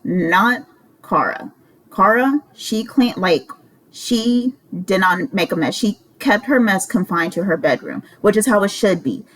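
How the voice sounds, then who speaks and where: A young woman in her twenties tells a storytime story to camera. She rambles through the details with lots of fillers, and her exasperation keeps breaking through in blunt profanity. Her voice sits at a middle pitch for a woman. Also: lively intonation, unhurried, a bit bright, rough recording. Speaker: vlogger. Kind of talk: casual storytime.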